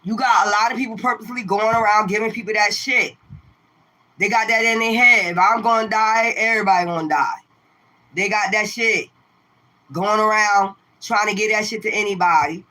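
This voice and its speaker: At a medium pitch and moderate pace, a woman who reads tarot on a livestream rants directly at her viewers. Her sharp, forceful delivery is profane and confrontational, laced with combative rhetorical questions she keeps circling back to.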